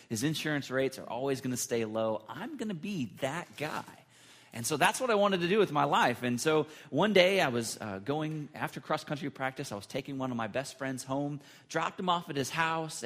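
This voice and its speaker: A man's voice: medium pitch, fairly bright tone. A man preaching a sermon as pastor, telling a personal story in an earnest way.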